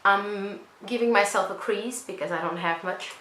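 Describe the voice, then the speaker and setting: A young woman talks through her makeup routine in a loose, chatty way, full of self-deprecating asides. Her voice is bright and forceful. The room sounds roomy, with a faint hum behind her. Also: mid-range voice, moderate pace. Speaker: beauty vlogger. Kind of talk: casual makeup tutorial chat.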